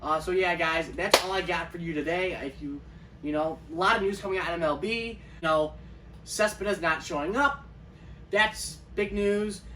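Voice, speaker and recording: A man's voice: sits high, normal speed, recorded from a distance, noisy background. A man ranting in casual commentary for his own baseball channel, incredulous and repeating himself as he talks. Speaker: baseball vlogger.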